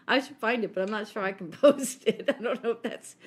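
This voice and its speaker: A woman co-hosting a podcast, telling a story in an animated, giggly way and acting out the quotes. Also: on the high side, normal speed, husky. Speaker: podcast co-host. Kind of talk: casual storytelling chat.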